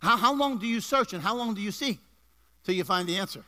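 A male pastor delivering an energetic sermon in a church. His voice sits high and sounds bright and forceful, climbing with emphasis. He throws in asides and jokes to the people in the pews. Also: brisk. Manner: energetic preaching with rising emphasis and jokes to the congregation. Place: church before a congregation.

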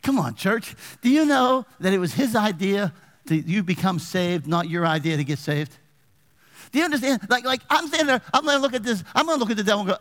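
The sermon comes from a male pastor whose high-pitched voice runs a little fast, echoing in a large church sanctuary. He reads scripture animatedly and asks the congregation call-and-response questions.

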